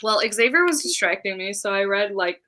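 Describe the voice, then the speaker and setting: A woman's voice: mid-range voice, lively intonation, fairly quick, background noise. A young woman hosting a casual livestream chat, giggly and chatty with plenty of swearing. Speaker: livestream host.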